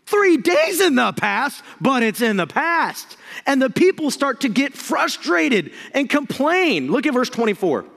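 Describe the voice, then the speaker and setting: Animated high-voiced preacher man. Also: a little slow, gravelly, big-room sound. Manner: energetic, jokey, swings from loud excitement to hushed. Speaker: pastor. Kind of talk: sermon.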